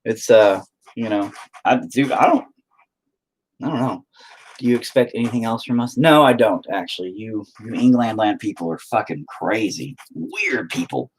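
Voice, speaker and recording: A man's voice: fairly low pitch, moderate pace. A young man hosting a painting stream, rambling and joking crudely while he paints and reads chat aloud. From United States. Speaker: painting livestream host.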